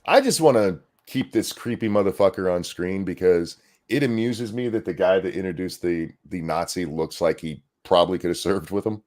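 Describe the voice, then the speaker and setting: A middle-aged man with a low voice talks at normal speed with few pauses as he co-hosts a live stream. Reading donations, he rambles and jokes with plenty of swearing and animation, restarting his lines now and then.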